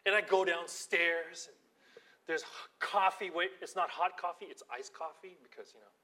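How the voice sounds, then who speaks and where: A pastor, a man, preaching a storytelling sermon, acting out scenes and dropping to a hushed prayerful voice. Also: sits high, normal speed. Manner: animated storytelling, acting out quotes, drops to quiet prayerful tones.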